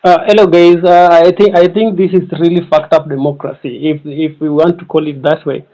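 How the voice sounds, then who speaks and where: A man's voice: on the high side, flat delivery, moderate pace, warm tone, lo-fi sound. A man with a Kenyan English accent calling into a live audio room, angry and switching between Swahili and English. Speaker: caller on a live audio space.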